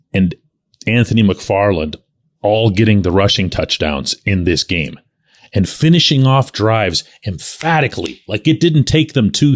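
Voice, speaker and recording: A middle-aged man hosting daily sports commentary, telling stories in an animated way and acting out quotes. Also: dry recording, clean studio sound. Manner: animated storyteller, acts out quotes with big pitch jumps. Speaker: sports columnist and show host.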